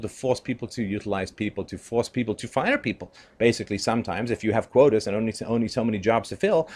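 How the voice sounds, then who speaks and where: A man with a mid-range voice delivers an opinion commentary monologue to his viewers. He talks in an emphatic, conversational way, dotting his points with "you know" and "right?" and letting out short chuckles. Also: medium pitch. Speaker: political commentator.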